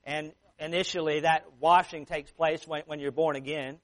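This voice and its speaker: A man's voice: on the high side, steady tone, rough recording. Man preaching a verse-by-verse sermon. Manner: reads scripture slowly and emphatically, then talks it through with frequent restarts. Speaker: pastor.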